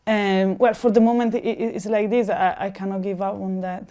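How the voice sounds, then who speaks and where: A woman's voice: medium pitch, little pitch movement, normal speed, warm tone. A young woman with an Italian accent, chatting casually and animatedly with frequent fillers, restarts and laughs. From Italy. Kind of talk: casual chat.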